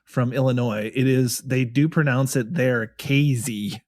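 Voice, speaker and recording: A man's voice: mid-range voice, fairly even intonation, normal speed, dry recording, studio quality. A man co-hosting a podcast in casual chat, sharing facts and practical tips. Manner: informative, gives tips and facts. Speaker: podcast co-host.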